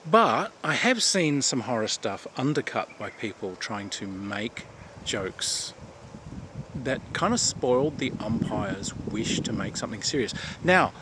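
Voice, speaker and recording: A man's voice: medium pitch, sing-song, measured pace, background noise. A man hosting a casual chat about tabletop games, telling anecdotes and acting out his players' lines. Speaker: tabletop game host.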